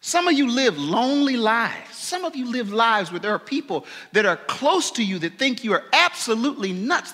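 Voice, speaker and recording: A tearful male pastor preaching an impassioned sermon, swinging from hushed tones to shouts. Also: very high voice. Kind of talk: emotional sermon. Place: fellowship hall. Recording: long echo of a hall.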